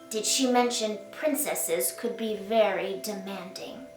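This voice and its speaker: A woman's voice: medium pitch, slow, roomy sound, far from the mic, over music. A woman, the author, reading her picture book aloud to children in a playful sing-song way, asking them to join in. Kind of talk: storytime read-aloud for children.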